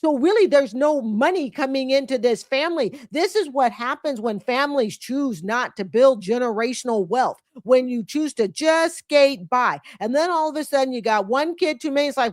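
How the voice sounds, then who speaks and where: A woman's voice: sits high, animated, moderate pace, few pauses, no room sound, clean studio sound. A woman in her late fifties, a commentary host who reacts bluntly and scolds with a mocking edge. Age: 50s. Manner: blunt and scolding, mocks with put-on quotes. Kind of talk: commentary on a clip.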